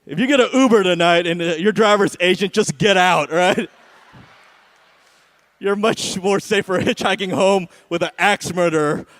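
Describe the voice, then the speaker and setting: High-voiced sarcastic stand-up comic. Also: male voice, normal speed, a bit bright. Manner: sarcastic, punchy delivery with frequent "right?" asides. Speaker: stand-up comedian. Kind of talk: stand-up comedy set. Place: comedy stage at an awards show.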